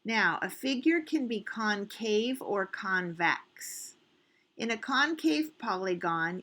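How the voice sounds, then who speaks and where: Woman teacher, unhurried and patient, repeats questions for young students. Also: mid-range voice, pushed and bright. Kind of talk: recorded math lesson for children.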